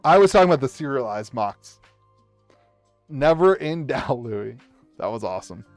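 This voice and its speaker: A man's voice: mid-range voice, normal speed, no room sound, faint music behind. A man hosting a live stream, opening card packs for viewers, cheering big pulls and rambling with many restarts. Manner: excitable, hypes up pulls with cheers and shouts; rambling, restarts sentences often. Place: home streaming setup at a table.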